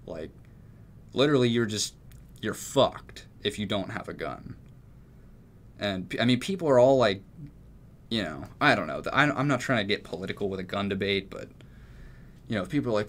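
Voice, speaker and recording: A man's voice: on the low side, sing-song, moderate pace, fairly bright tone. A young man from Texas telling a story in casual chat, rambling and swearing freely. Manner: profane, rambling, laid-back. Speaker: music producer.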